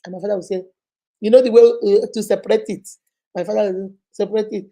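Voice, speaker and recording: A woman's voice: mid-range voice, quick pace. A middle-aged woman with a Nigerian accent, hosting a casual live question-and-answer chat, telling stories and laughing often. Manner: lively, laughs often, mixes in pidgin. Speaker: host.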